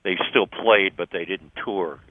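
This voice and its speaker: An older man with a Philadelphia accent talks in a low voice, slow to find his words and full of ums and uhs. He comes through a narrow, tinny phone line. A faint hiss sits underneath him. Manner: relaxed, halting, many ums and uhs, wry laughs. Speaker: interview guest, musician. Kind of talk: phone interview chat.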